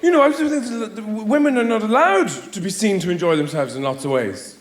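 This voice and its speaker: A man's voice: high-pitched, lively intonation, quick pace, roomy sound. An Irish man from Ireland doing a stand-up routine on a theater stage, rambling with sardonic, mock-exasperated asides. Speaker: stand-up comedian.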